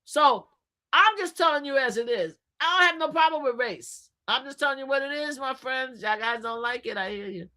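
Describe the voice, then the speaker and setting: A woman's voice: sits high, normal speed. Emphatic woman streamer talking politics. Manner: animated, emphatic, addressing viewers directly. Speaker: livestream host. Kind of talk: opinionated political commentary to viewers.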